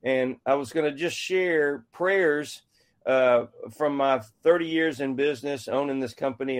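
A middle-aged man, an author and guest, telling stories in a folksy, conversational way and acting out what people said. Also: mid-range voice. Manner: folksy and animated, acting out quoted dialogue. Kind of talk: conversational storytelling.

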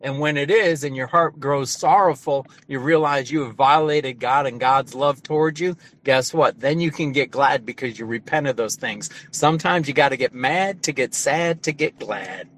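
A man's voice: medium pitch, normal speed, hardly any pauses, a bit bright. A man who is a pastor, preaching with emphatic repetition and sudden rising bursts during a group discussion on a video call.

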